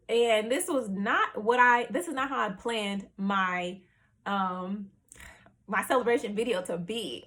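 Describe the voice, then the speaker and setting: A young woman vlogger telling a personal story in a chatty, animated way, full of "like" and "you know.". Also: medium pitch. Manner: animated, acts out her family's reactions.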